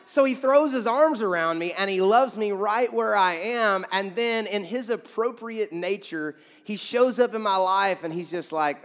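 Speaking at a moderate pace with few pauses, this young man has a high-pitched, somewhat bright voice. He's a pastor giving a sermon in a large church sanctuary, whose hall reverb colors the recording, and he tells stories conversationally while acting out quotes.

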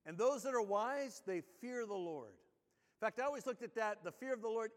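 High-voiced preacher in a reverberant church. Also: male voice. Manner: animated storytelling, drops low and slow when reading scripture. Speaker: pastor. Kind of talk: sermon. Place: church sanctuary. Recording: long reverb of a church hall.

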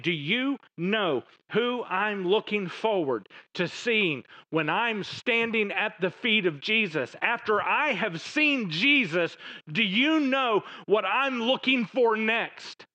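A man preaching a sermon, moving between raised emphatic lines and hushed, low passages. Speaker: pastor.

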